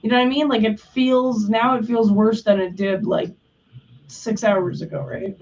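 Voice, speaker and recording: A woman's voice: fairly high pitch, steady tone, normal speed, darkish tone. Chatty woman heard from a distance. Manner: chatty, swears, lots of "like" fillers. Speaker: co-host of a live stream. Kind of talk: casual chat. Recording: distant, dull lo-fi mic.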